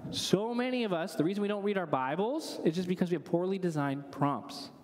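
A man in his thirties preaching a sermon in a conversational, animated way, telling stories and adding asides to his congregation. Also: high-pitched, fairly quick. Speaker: pastor. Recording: long reverb of a large hall.

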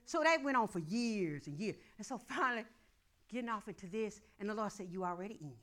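A woman pastor, preaching a sermon that swings from murmured prayer to loud calls. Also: medium pitch, lively intonation, brisk.

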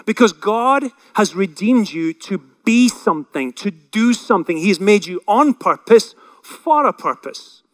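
A man's voice: high-pitched, animated, unhurried, dry recording. A man preaching a sermon in an earnest, emphatic way, acting out the conversations he retells. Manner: earnest, emphatic, acts out quoted dialogue.

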